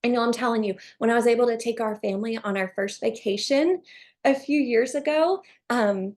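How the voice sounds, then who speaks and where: A woman giving an enthusiastic, chatty sales pitch to viewers on a video call, often saying "you guys" and "um". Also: a little fast, darkish tone. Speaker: presenter of an online business call.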